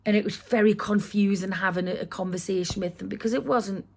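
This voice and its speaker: A woman's voice: mid-range voice, steady tone, fairly quick, creaky. A woman telling a long personal story, full of restarts and asides. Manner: rambling, with many restarts and asides. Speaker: vlogger.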